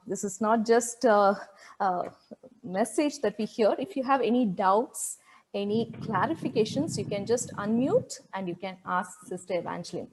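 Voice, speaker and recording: A woman hosting a women's fellowship meeting on a video call, thanking the speaker with many pauses. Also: fairly high pitch, poor audio. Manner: warm thanks with many "uh" fillers.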